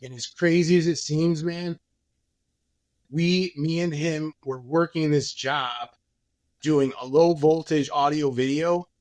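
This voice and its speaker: A man's voice: fairly high pitch, steady tone, slow, a little mellow, no room sound. A man, a podcast guest, telling his story candidly and acting out other people's lines. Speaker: podcast guest, business owner.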